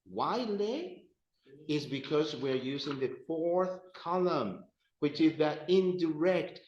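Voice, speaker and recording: A man teaching a grammar class, playful and animated, repeating phrases and addressing students. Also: a little high, takes it slowly, reverberant, lo-fi sound. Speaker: Spanish teacher.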